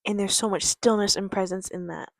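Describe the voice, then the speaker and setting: A woman life coach giving a reflective motivational talk in a gentle, calm, quiet and patient way. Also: mid-range voice, creaky, no room sound. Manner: unhurried, patient delivery. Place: outdoors near a creek.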